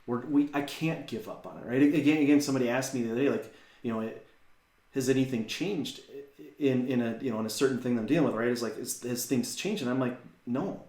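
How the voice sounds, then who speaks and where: A man co-hosting a casual faith-based talk, thinking out loud and often checking in with "right?". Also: medium pitch, fast. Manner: says "right?" a lot, reflective, backs up his co-host. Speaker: podcast co-host. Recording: echoey room.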